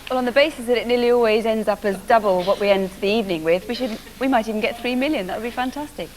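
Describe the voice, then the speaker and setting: A woman presenting on a telethon, reading out pledges in a brisk, lightly teasing way. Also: on the high side. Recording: noisy studio with loud crowd.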